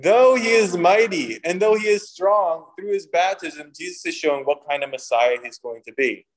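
A young man preaching a sermon, mixing humorous personal stories with scripture and lively voiced quotes. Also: high-pitched, moderate pace, rough recording. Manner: storytelling with humor, animated quoting. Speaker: pastor.

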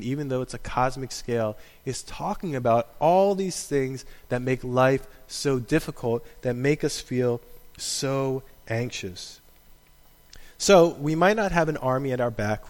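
A pastor in his thirties preaches in a large, echoing hall, his voice sitting a touch above the usual male range. He moves between calm explanation and animated, acted-out quotes, breaking into laughter at his own stories. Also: on the high side. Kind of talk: sermon. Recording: echoey hall sound.

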